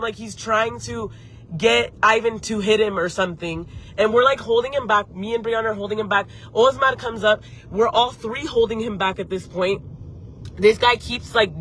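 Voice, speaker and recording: A woman tells a story live to her viewers, heated and full of swearing. Her voice is bright and sharp. She keeps breaking off to answer comments from the chat. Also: mid-range voice. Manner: heated, profane, talks straight to viewers. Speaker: beauty channel host. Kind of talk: live-streamed story time.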